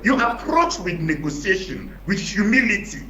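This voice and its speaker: Cameroonian male panelist, emphatic, stammers through fillers, slightly high voice, echoey faint-hiss line. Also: very animated, moderate pace. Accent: Cameroonian English. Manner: emphatic, repeats words while searching, many fillers. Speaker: opposition party panelist. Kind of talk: studio panel debate.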